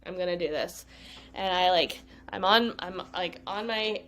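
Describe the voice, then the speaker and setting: An animated woman tells a personal story as a podcast guest. She acts out what she said back then, and her voice jumps higher on those lines. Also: unhurried. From United States. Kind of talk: casual storytelling.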